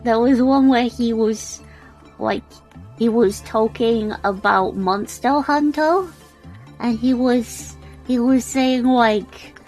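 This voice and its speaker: A woman's voice: a little high, slow, darkish tone, faint music behind, poor audio. A British woman streaming a game live, chatting casually with frequent giggles and rambling restarts. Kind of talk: casual live-stream chat while gaming.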